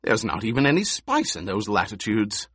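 A man's voice: fairly low pitch, very animated, normal speed, fairly bright tone, husky, dry recording, studio quality, full character voice. A man playing a fat old baron who protests in a flustered, deferential way, in an audiobook. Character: fat old baron, blustering yet fawning.

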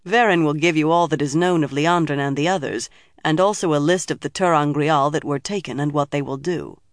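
A man's voice: a little high, a little fast, no echo, lightly acted. A man voicing a dry, authoritative older woman leader in an audiobook reading. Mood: commanding.

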